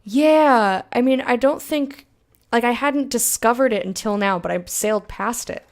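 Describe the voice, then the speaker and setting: A young adult woman streaming a game, chatting excitedly with viewers, swearing, and slowly reading game text aloud. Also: fairly high pitch. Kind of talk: blind let's-play commentary, chatting with viewers.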